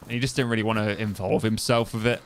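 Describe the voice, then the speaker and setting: A man's voice: fairly low pitch, level tone, quick pace, slight background noise. Chatty East Midlands man streaming a game. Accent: East Midlands English. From East Midlands, England. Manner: chatty, rambling, trails off and restarts. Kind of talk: casual gameplay commentary.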